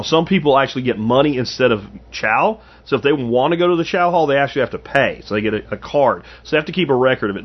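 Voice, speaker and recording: A man in his fifties hosts a podcast in a casual monologue style, meandering through anecdotes and frequently starting over. His voice is mid-range, and the recording is muffled.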